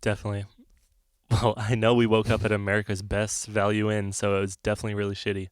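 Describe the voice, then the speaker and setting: Laughing, animated man telling a story. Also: fairly low pitch, fast, clean tone, dry recording, clean studio sound. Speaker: podcast co-host, band member. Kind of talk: casual chat, storytelling.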